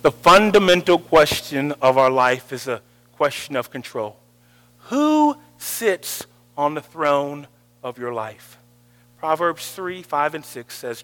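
Bright high-pitched guy preaching, goes from loud to almost whispering, big echoey hall. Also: very animated, slow pace. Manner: swings from loud calls to near-whispers. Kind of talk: sermon.

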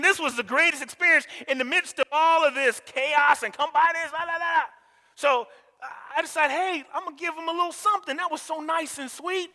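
Male pastor preaching, very high bright voice, emphatic repeats, long church reverb. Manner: emphatic, repeats words, asks the congregation to answer. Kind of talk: sermon.

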